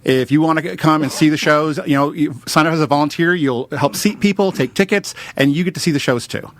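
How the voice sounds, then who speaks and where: A man's voice: a little high, fast talker, no room sound. Chatty man, a rambling radio guest. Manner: rambling, filler-heavy, upbeat. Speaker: improv performer and puppet maker guest. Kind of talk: casual radio interview.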